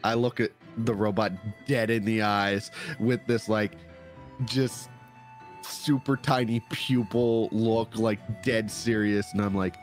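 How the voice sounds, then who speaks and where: A man's voice: fairly low pitch, fairly even intonation, slow, faint music behind. A man playing a tabletop game, laid-back and dry. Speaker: player. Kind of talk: casual tabletop play.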